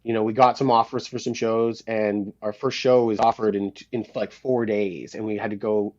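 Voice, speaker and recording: A man's voice: lowish voice, normal speed. A man being interviewed as a guitarist and producer, telling stories in a casual way and acting out what people said, with some swearing. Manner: animated, acts out quoted dialogue, swears casually. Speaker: guest musician, guitarist and producer. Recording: dull lo-fi sound.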